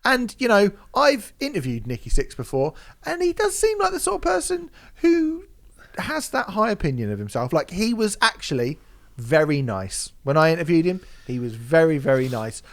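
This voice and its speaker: A man's voice: on the high side, wildly swooping pitch, normal speed. A man co-hosting a podcast, talking in a sarcastic, mocking way and laughing often. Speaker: podcast co-host. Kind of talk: casual podcast chat.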